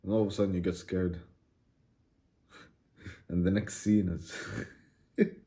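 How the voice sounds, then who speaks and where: A man's voice: sits low, little pitch movement, unhurried, warm tone. A man hosting a self-improvement video, delivering a brash, crude and mocking motivational monologue.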